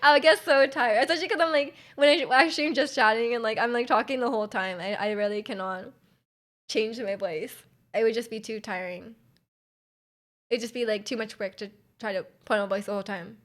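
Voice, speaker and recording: A woman streamer chatting casually with her viewers, loud and energetic, full of fillers, her volume jumping around. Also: fairly high pitch, fairly quick. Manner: chatty, many fillers, reads chat aloud. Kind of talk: casual live-stream chat.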